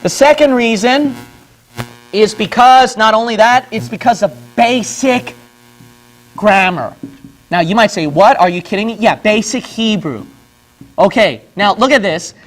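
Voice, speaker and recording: A man from the Philippines lectures in a high, light voice. He argues his case step by step and keeps checking in with "okay?" after each point. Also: lively intonation, a little slow, long pauses. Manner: argumentative, repeats points with "okay?". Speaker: religious video presenter. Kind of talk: lecture on a whiteboard.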